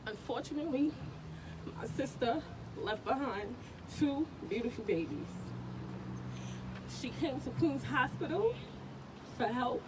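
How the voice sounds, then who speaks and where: A woman's voice: high-pitched, expressive, measured pace, pauses often. A woman giving an emotional speech at an outdoor protest, impassioned and insistent, repeating phrases for emphasis. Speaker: protest speaker, sister of the deceased. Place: outdoors on a city street. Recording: distant mic on a noisy street.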